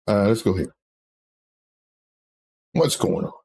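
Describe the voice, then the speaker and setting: A man's voice: mid-range voice, expressive, moderate pace, darkish tone. Guy rambling on a crypto stream, casual chatty, telling stories between charts. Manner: rambling, personal storytelling. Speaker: crypto trading educator. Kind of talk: casual livestream chat.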